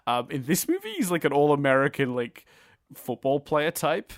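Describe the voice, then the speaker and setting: A man's voice: on the high side, sing-song, moderate pace, no room sound, clean studio sound. A man co-hosting a film review podcast, chatting enthusiastically, laughing often and swearing casually. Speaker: podcast co-host.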